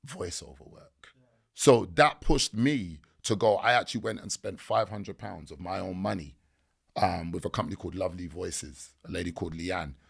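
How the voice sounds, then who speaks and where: A man, a podcast guest telling stories in a lively, slangy way. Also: low-pitched, moderate pace, vocal fry, husky. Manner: animated storytelling with slang. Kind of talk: casual podcast interview.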